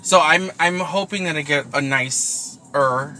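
A man's voice: a little high, measured pace, sharp tone, rough recording. A man co-hosting a podcast in casual chat, rambling with lots of fillers and laughing often, talking from inside a car. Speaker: podcast co-host. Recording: car road noise behind.

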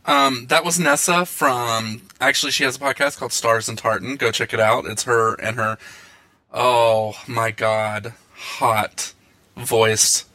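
A man's voice: medium pitch, fairly even intonation, a little slow, pushed and bright, no room sound. A man co-hosting a podcast in casual chat, campy and teasing. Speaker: podcast co-host.

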